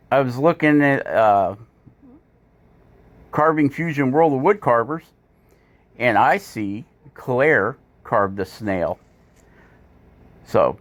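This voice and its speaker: A man hosting his woodcarving channel, talking casually in a rambling, self-mocking voiceover with many fillers. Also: medium pitch. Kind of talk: casual voiceover while carving. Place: home woodworking shop.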